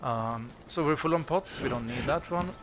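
A man's voice: mid-range voice, normal speed, over music. A man hosting a let's-play, chatting casually with lots of fillers as he plays through a game. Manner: chatty, relaxed, many fillers. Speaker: gaming channel host.

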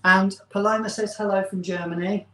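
A man's voice: high-pitched, fairly even intonation, normal speed, sharp tone. A man hosting a casual live stream, chatty and rambling, often poking fun at himself. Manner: chatty, rambling, self-deprecating. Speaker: channel host. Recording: roomy echo.

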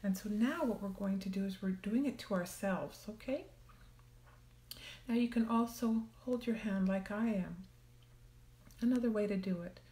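A woman guiding a meditation class, talking softly and gently and often sinking into a whisper. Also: mid-range voice, moderate pace, pauses often. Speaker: meditation teacher. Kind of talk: guided meditation on a live stream. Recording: echoey room.

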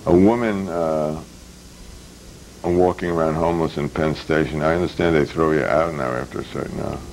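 Wry older New man with a very low voice. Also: normal speed, creaky, slight background noise, rough recording. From United States. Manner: wry, deadpan jokes with many fillers and restarts. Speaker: public access TV host. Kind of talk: casual rambling commentary.

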